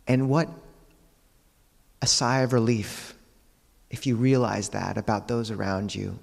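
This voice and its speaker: A man, a Buddhist monk, giving a dharma talk, telling teaching stories in a calm, measured way with quiet pauses. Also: mid-range voice, vocal fry, in a large hall.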